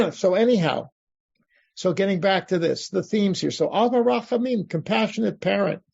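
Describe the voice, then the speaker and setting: Older rabbi guy lecturing over zoom, husky voice, kinda muffled dry audio. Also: high-pitched, moderate pace, no room sound. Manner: animated, acts out pleas to God, many restarts. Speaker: rabbi teaching a class. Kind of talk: animated lecture. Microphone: video call. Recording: dull lo-fi video call audio.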